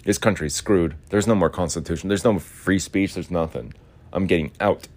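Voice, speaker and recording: A young man with a deep, low voice talks off the cuff in a loose, rambling monologue. He leans on endless filler words and casual swearing, drifting from one thought to the next like an unscripted podcast host. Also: normal speed, a little mellow.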